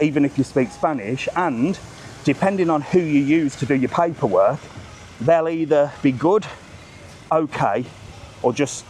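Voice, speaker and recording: A man's voice: medium pitch, a little hiss or hum. A middle-aged man chatting cheekily as he walks a resort street live, filming on a handheld phone and greeting passers-by. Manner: chatty, cheeky, swears casually, greets strangers loudly. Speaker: vlogger host. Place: outdoors on a busy resort street.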